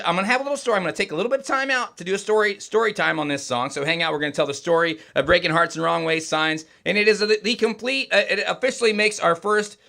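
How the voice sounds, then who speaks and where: Male studio host, quick chatty rambler, slightly high voice, bright tone. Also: creaky. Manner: rambling, chatty, many fillers and restarts. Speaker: podcast host. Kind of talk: casual livestream chat. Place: recording studio.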